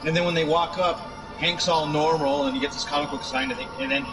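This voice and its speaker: A man's voice: fairly high pitch, big pitch swings, fast talker, recorded from a distance, low-quality recording. A man hosting a podcast in casual chat, rambling with many restarts and fillers. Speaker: podcast host. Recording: loud music playing over the talk.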